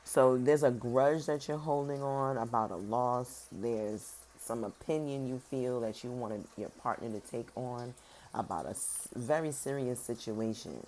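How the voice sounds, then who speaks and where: A woman with an unusually low voice gives a casual tarot reading and talks straight at her viewers. She is sassy and animated, jumping from loud emphasis to soft, serious asides. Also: slight background noise. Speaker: tarot reader.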